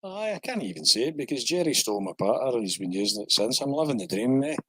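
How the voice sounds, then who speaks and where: A man's voice: mid-range voice, sing-song, quick pace, pushed and bright, slightly rough, no echo, rough recording. An older man with a Scottish accent, a podcast guest telling stories in casual chat with a chuckle. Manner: anecdotal, chuckling storyteller.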